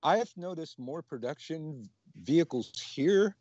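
A man's voice: on the high side, expressive, slow, darkish tone, no echo, highs cut off. A man, a witchcraft teacher, chatting casually as a guest and laughing often. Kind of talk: casual video-call chat.

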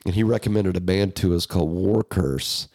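A man's voice: sits low, moderate pace, darkish tone, dry recording, clean studio sound. A young man co-hosting a podcast, rambling and swearing through casual banter. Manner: rambling, swears a lot, jokey. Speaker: podcast co-host.

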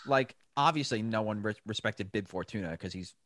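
A young man with a fairly low voice talks casually, hesitating and filling with "like". The sound is dry and close, with no room around him. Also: brisk, a bit bright, no room sound. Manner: chatty, hesitant, lots of "like". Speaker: podcast co-host. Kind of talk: casual chat.

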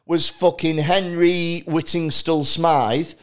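A man's voice: fairly high pitch, steady tone, takes it slowly. A man hosting a casual podcast chat, swearing freely and acting out other people's voices.

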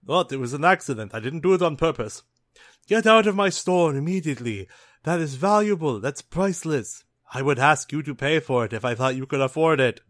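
A huffy, scolding shopkeeper with a raised, loud voice, put on by a man running a tabletop game. He sounds indignant and fussy, exclaiming over every word. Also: fairly high pitch, lively intonation, fairly quick, no room sound, studio quality. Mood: outraged.

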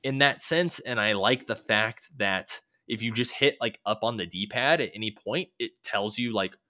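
Low-ish guy rambling about a game he's playing, swears a bit, dead dry sound. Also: normal speed, bright, forceful tone, no echo. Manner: rambling, loose, swears casually, lots of fillers. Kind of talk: casual chat about a video game.

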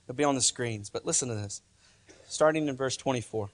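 A man's voice: medium pitch, a little fast. A male pastor preaching a sermon in church, talking conversationally and emphatically, often repeating phrases.

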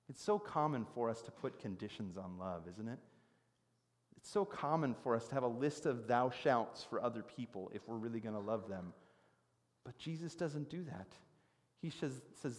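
A man's voice: mid-range voice, expressive, moderate pace, a little mellow, in a large hall. A man in his thirties preaching a sermon as a pastor, earnest and conversational, with rhetorical questions and prayerful asides. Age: 30s.

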